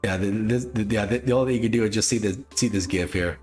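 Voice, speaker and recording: A man's voice: on the low side, fast talker, a little mellow, soft background music. A man hosting a livestream, chatting casually and repetitively with frequent chuckles. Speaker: livestream host.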